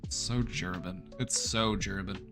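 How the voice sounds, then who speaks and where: A man's voice: low-pitched, steady tone, unhurried, music in the background. A man hosting a mental health Q&A in a casual, chatty way, with many fillers and laughs at his own jokes. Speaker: host answering viewer questions. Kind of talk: casual chat.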